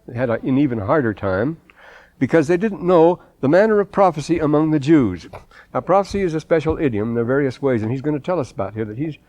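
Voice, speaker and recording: A man's voice: on the high side, lively intonation, fast talker, darkish tone, no echo. Wry, rambling male lecturer. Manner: digressive, wry, quotes German and Shakespeare freely; frequent restarts and repeated words. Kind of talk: classroom scripture lecture.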